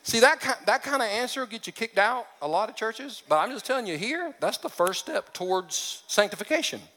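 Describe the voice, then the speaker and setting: In a church sanctuary, a pastor with a high, bright, forceful voice preaches at a fairly quick clip with lively intonation. His sermon is conversational and humorous, and he takes on character voices as he tells stories, all echoing with a large hall's long reverb.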